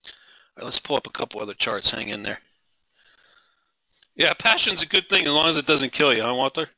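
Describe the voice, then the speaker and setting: A man's voice: a little high, very animated, fairly quick, bright, forceful tone, no room sound, rough recording. A middle-aged man leading a live trading webinar, passionate and driven, rambling with frequent restarts and apologies.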